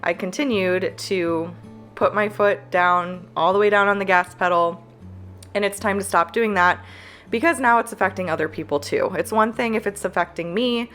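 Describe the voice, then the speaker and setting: A woman in her thirties with a small business, talking candidly to camera, earnest and halting with fillers. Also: medium pitch, fairly bright tone, faint music behind. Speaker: planner business owner.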